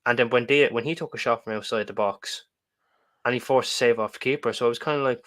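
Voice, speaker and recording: A man co-hosting a football podcast, speaking conversationally. His tone is bright and pressing, and he stammers as he starts his points. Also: mid-range voice, steady tone, a little fast. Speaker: podcast co-host. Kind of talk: casual football podcast chat.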